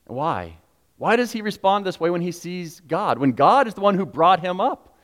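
Animated male preacher in a reverberant church. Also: sits high, moderate pace. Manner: animated, acts out quotes, asks the congregation questions. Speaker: pastor. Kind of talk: sermon. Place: church sanctuary.

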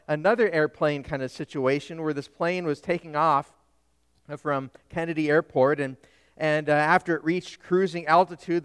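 A man's voice: on the high side, clean tone, long reverb tail. A man, a Lutheran pastor, preaching a sermon emphatically and putting questions to the congregation.

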